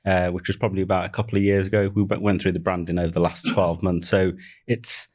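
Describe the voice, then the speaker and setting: Midlands guy with a really low voice, laid back guest chat. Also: level tone, fast talker, a little mellow. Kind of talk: casual interview chat.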